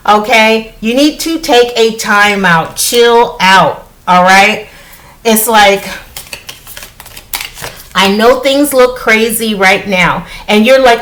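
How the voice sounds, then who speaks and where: A woman's voice: fairly high pitch, slow pace, poor audio. Chatty woman reading tarot cards. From United States. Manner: chatty, repeats "okay?" often, animated. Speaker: tarot reader. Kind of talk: casual spiritual tarot reading.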